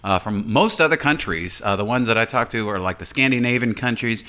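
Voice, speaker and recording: Bright-voiced rambling man. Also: mid-range voice, a little fast. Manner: rambling, self-deprecating, jokey. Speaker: podcast co-host. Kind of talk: casual chat.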